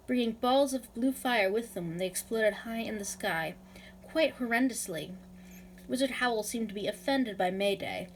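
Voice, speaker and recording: A woman reading a novel aloud in a measured, expressive way. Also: a little high, slight background noise, rough recording. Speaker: reader.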